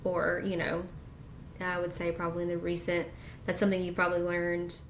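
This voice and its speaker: A woman hosts a relaxed interview, working her way through questions and rephrasing them mid-sentence. She sounds like she is in an echoey room, with a faint rumble underneath. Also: a little fast. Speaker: podcast host. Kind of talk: casual interview.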